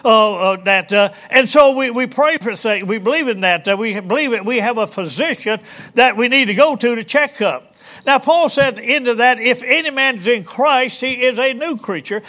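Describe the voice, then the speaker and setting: A male pastor delivers a folksy, rambling sermon. His voice sits very high for a man and sounds bright and forceful. He stumbles through fillers and restarts as he goes. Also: moderate pace.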